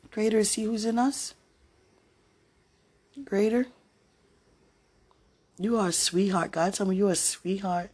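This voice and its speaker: A man rambling in a heartfelt personal monologue to a loved one, tender and religious, often sinking to soft murmurs. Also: high-pitched, steady tone, a little slow, long pauses, husky. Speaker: partner speaking to a loved one.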